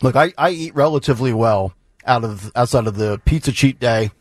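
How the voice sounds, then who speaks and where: A man's voice: medium pitch, expressive, a little fast, no room sound, studio quality. A man hosting a morning radio show, bantering and joking in casual chat and taking callers. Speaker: radio host.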